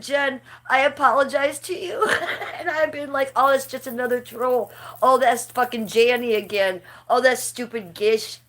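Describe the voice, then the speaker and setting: A woman's voice: on the high side, measured pace, a bit bright. A middle-aged woman talks to her livestream viewers in a loose, rambling way. She gossips about people she knows and laughs often as she reads the chat. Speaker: livestream host.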